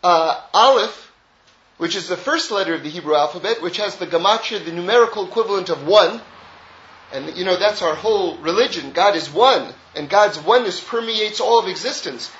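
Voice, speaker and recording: A man's voice: high voice, animated, brisk, a bit bright, echoey room, muffled recording. A man teaching a Torah class, earnest and repeating phrases to drive key points home.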